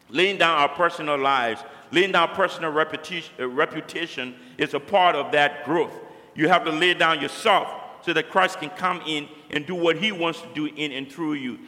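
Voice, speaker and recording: A man's voice: fairly high pitch, bright, forceful tone, in a large hall. A man preaching a sermon, emphatic and fond of repeating key phrases for stress.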